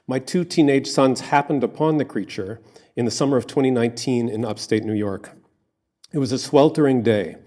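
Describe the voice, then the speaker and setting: Male academic lecturer, measured and literary. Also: on the low side, darkish tone. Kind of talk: live academic lecture, reading a written paper aloud. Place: in front of a live audience.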